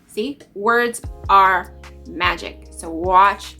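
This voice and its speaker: An earnest woman in her thirties shares her thoughts in a personal vlog, reflective and open. Her voice sits at an ordinary middle pitch, and faint music plays quietly underneath. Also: normal speed. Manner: earnest, reflective, emotional at times. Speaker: vlogger, parent. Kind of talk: personal spiritual vlog talk.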